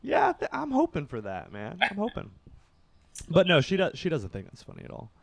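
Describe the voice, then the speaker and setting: Animated young man. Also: high-pitched, a little fast, vocal fry, background noise. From Kentucky, USA. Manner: animated, acts out quotes, laughs through the telling. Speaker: podcast guest. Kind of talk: casual storytelling on a podcast.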